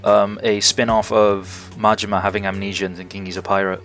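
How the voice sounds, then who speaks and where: Young guy rambling on his stream, lowish voice, swears a lot, faint music behind. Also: level tone, fairly quick, fairly bright tone. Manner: rambling, enthusiastic, swears freely. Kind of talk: casual livestream chat answering viewers.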